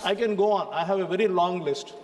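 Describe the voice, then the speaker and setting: A man's voice: sits high, brisk, darkish tone, in a large hall. A man with an Indian English accent giving a formal, emphatic speech in a parliamentary debate, addressing the chair. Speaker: member of parliament. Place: parliament chamber.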